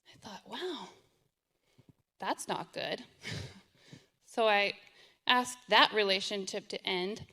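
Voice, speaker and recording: A middle-aged woman giving an earnest, emotional personal testimony as a parent, often repeating herself. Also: on the high side. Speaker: parent telling her story.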